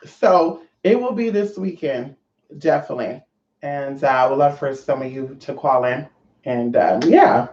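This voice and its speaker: A woman's voice: rumbling low, unhurried, a little mellow. A woman vlogger talking to her viewers in a brash, profane, rambling rant. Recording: roomy, dull lo-fi sound.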